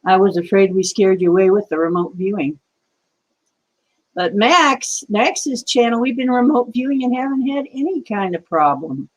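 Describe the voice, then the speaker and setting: A woman's voice: medium pitch, animated, normal speed, low-quality recording. A woman hosting a casual livestream, rambling and answering viewers' chat comments with conspiratorial asides. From United States. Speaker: livestream host.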